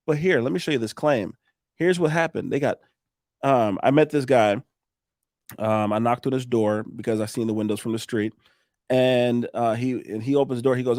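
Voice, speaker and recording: A middle-aged man with a Minnesota accent talks quickly and animatedly, acting out conversations from his roofing sales work. He laughs and swears freely in a casual chat. His voice sits close and dry on the mic. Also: medium pitch, a little mellow, dry recording. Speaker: roofing business owner, podcast guest.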